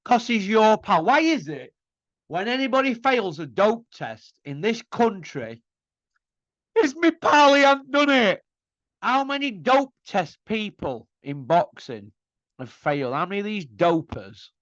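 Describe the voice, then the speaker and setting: A man's voice: high voice, fairly bright tone, no echo. A man hosting a boxing show, ranting in a mocking, combative way and firing off rhetorical questions. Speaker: boxing commentary host. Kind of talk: ranting opinion monologue. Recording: dull lo-fi dry sound.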